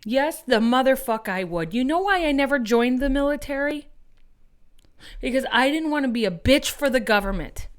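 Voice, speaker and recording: A woman's voice: high voice, lively intonation, normal speed. A woman hosting an activist podcast, delivering an angry, profane political monologue and rallying her listeners as friends.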